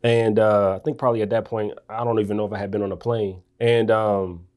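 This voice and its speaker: A man from Washington, D.C., a guest author and musician, telling long stories in a relaxed way. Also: fairly low pitch, a little fast. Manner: laid-back, talks in long rambling stories. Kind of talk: casual interview storytelling.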